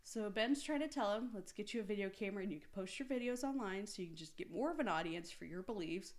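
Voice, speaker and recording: A woman's voice: mid-range voice, expressive. A woman in her thirties, married with kids, recapping episodes in a casual, sarcastic chat full of swearing. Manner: sarcastic, swears freely, quick asides. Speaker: podcast co-host.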